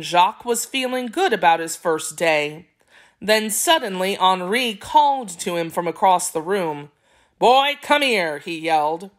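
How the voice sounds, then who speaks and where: A woman narrating a children's story aloud in a clear, expressive way for a school lesson. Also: mid-range voice.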